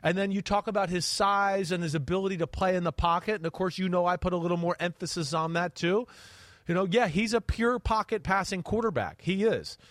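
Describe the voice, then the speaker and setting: A fairly high-voiced man talks through football film on his podcast, getting animated and acting out a quarterback's reads with little sound effects. The sound is dry and close to the mic, with no room around it. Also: fairly quick, dry recording. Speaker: podcast host and quarterback analyst. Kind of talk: casual podcast chat.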